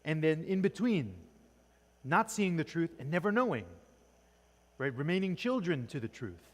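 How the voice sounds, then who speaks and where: With a slightly high, sing-song voice at normal speed, a man teaches poetry in a church classroom. He quizzes the students again and again, finishing most points with "right?", and the sound carries a long echoing reverb.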